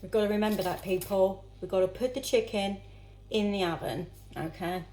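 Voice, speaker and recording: A woman's voice: medium pitch, steady tone, normal speed, dark tone. A woman vlogging as she cooks at home, chatting casually to herself and her viewers while she chops vegetables. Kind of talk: casual cooking vlog. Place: home kitchen. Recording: echoey kitchen with clattering pans.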